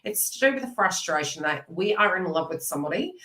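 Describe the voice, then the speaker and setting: A woman's voice: lowish voice, animated, a little fast, bright, forceful tone, roomy sound, distant mic, rough recording. Earnest rambling woman reading cards. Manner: rambling, earnest, talks straight to viewers by name. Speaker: psychic card reader. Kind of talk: live twin flame card reading.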